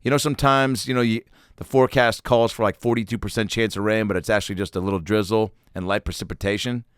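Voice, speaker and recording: A man's voice: lowish voice, quick pace, clean tone, dry recording, studio quality. A man hosting a podcast alone, telling rambling, profane, self-deprecating comic stories in a casual monologue. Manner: animated, profane, rambling storytelling. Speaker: podcast host. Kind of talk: casual comedic solo monologue.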